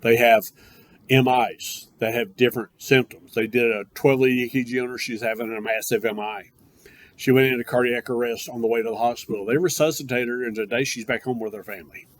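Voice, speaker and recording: A man's voice: mid-range voice, steady tone, fast. A man teaching a paramedic class, speaking emphatically and conversationally and addressing his students directly. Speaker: paramedic course instructor. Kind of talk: classroom lecture.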